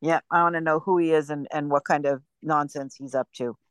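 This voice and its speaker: A woman's voice: low voice, fairly even intonation, brisk, smooth, no room sound, studio quality. A woman guesting on a podcast in casual, chatty talk.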